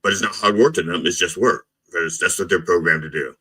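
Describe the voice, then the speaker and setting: A man's voice: low-pitched, fast talker, bright, forceful tone, slightly rough, poor audio. A man hosting a podcast as a comic mock reverend, riffing bluntly in a rambling monologue. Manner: blunt, riffing, repeats itself with "all right?" and "okay?".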